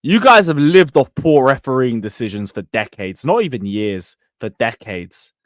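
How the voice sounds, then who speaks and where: Male streamer, excitable and mocking, lively up-and-down voice, dry close sound. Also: mid-range voice, moderate pace, no room sound. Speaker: streamer hosting a live football chat. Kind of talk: live-stream football chat reading super chats.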